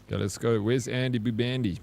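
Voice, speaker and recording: A man's voice: medium pitch, fairly even intonation, fairly quick, creaky, darkish tone. A man streaming a video game, chatting casually with viewers and reacting to what he sees. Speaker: gaming streamer. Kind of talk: casual gameplay commentary.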